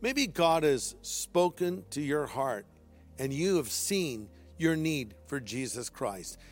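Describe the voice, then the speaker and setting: A man preaches a sermon, his voice sitting a little higher than most men's. He drives home his points with emphasis and drops in dry jokes along the way. Everything echoes with the long reverb of a large hall. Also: animated, takes it slowly, faint music behind. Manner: emphatic preaching with humorous asides. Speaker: pastor.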